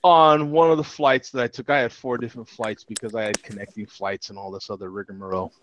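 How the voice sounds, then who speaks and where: A middle-aged man telling a story in casual chat. He is animated, laughs a lot and keeps asking "you know what I'm saying" over a video call. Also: mid-range voice, fast talker, a little hiss or hum. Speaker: regular panelist. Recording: dull lo-fi video call audio.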